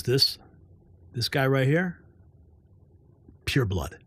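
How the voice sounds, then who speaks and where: A man's voice: on the high side, animated, a little slow, pauses often, fairly bright tone. A man hosting a live online news show, ranting in an indignant, emphatic and sarcastic way. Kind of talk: live commentary rant.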